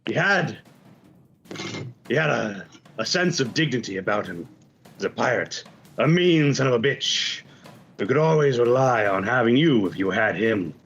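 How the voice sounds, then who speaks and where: A man's voice: medium pitch, lively intonation, normal speed, long pauses, fairly bright tone, a little hiss or hum. A man voicing a swaggering male pirate who gives grand, theatrical speeches in a tabletop game, on slightly dull audio. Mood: rousing.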